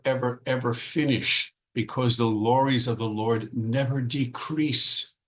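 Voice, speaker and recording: Slow, emphatic male preacher. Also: medium pitch, fairly bright tone. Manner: emphatic, drawn-out stresses, repeats phrases. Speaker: spiritual teacher. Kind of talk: devotional sermon.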